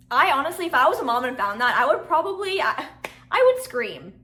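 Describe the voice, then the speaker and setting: A woman reading confessions aloud and reacting in chatty, animated commentary, laughing often and exclaiming in disbelief. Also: high voice, a little fast, over loud music. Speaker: storytelling comedy host.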